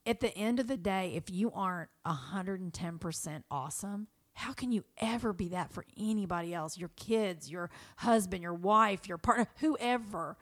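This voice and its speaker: A woman from Kentucky with a Southern American accent, co-hosting a podcast in an animated, folksy, casual chat. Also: mid-range voice, moderate pace, hardly any pauses. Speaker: podcast co-host.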